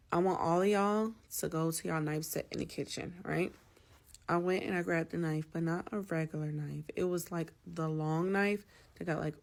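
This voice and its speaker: A woman's voice: on the low side, vocal fry, a little mellow. A woman telling a casual storytime straight to her listeners, chatty and blunt, swearing freely.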